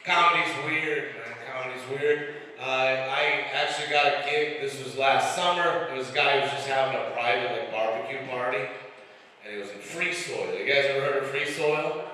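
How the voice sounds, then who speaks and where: Crude, bright-voiced comedian in his forties. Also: mid-range voice, moderate pace, slight background noise. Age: 40s. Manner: crude, self-mocking storytelling. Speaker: stand-up comedian. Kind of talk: stand-up set. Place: comedy club stage. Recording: roomy club sound from a distance. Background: audience laughter.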